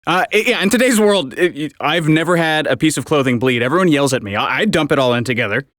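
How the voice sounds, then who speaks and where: A man who voices characters for a living, guesting on a comedy podcast and making wry deadpan jokes. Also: on the high side, quick pace, no room sound, clean studio sound. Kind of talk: casual comedic chat.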